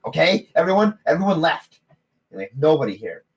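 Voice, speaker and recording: A man voicing an excitable male gnome innkeeper who stammers and repeats himself. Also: on the high side, brisk, highs cut off, pitched above the performer's own voice. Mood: flustered.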